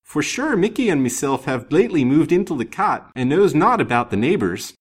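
A man's voice: fairly high pitch, big pitch swings, fairly quick, slightly rough, voice pushed up. A man putting on a broad-brogued Irish countrywoman. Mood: apologetic. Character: broad-spoken Irish countrywoman, cottage dweller.

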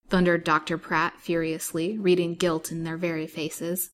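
A woman with a slightly low voice reads a serialized novel aloud as a storyteller. Her narration is steady and even. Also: normal speed, few pauses.

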